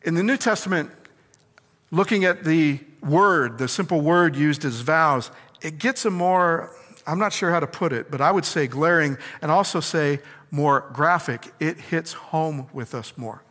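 Preacher guy, punchy bright voice, asks the crowd stuff then answers it, big echoey hall. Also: on the high side, a little slow. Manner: emphatic, asks the congregation questions and answers them. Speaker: pastor. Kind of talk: sermon.

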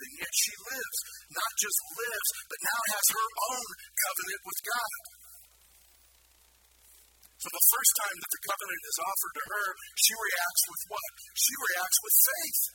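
A man preaching a sermon in an animated way, putting questions to the congregation. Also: high voice, measured pace, loud music behind the voice, low-quality recording. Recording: loud background noise.

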